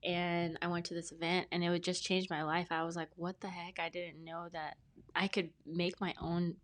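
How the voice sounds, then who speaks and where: Earnest, rambling woman with a lowish voice. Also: flat delivery, moderate pace, fairly bright tone. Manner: earnest, rambling, many fillers and restarts. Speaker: podcast guest, brand specialist. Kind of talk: casual interview storytelling.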